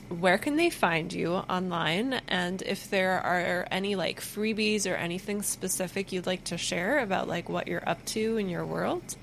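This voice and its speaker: A woman hosting a podcast interview over a video call, reflective and affirming with soft murmurs. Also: lowish voice, gravelly, slight background noise. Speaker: podcast host.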